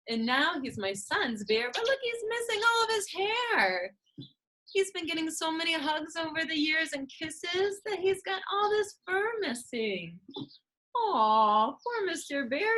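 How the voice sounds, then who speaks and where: Woman speech therapist, high and slow, exaggerated sing-song delivery for toddlers. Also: bright, forceful tone. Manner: exaggerated, drawn-out words, playful animal sounds. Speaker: speech-language pathologist teaching preschoolers. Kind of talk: slow, sing-song teaching to young children.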